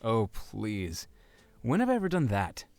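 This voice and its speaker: A man's voice: lowish voice, wildly swooping pitch, measured pace, gravelly, a little mellow, dry recording, heavily acted. A man voicing a sarcastic young male coworker turned love interest in a visual novel game. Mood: snarky. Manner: sarcastic, teasing. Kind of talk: voiced visual novel dialogue.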